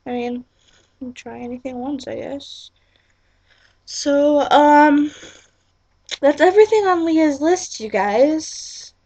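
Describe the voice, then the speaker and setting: Giggly young woman with a gravelly voice. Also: high voice, takes it slowly, long pauses, dark tone, no room sound. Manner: giggly, apologetic, lots of "like" and "um". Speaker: vlogger. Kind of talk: casual rambling vlog chat.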